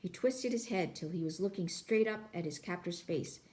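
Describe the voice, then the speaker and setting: A woman reading a novel aloud in an expressive, playful way. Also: fairly low pitch, normal speed, slight background noise. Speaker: reader.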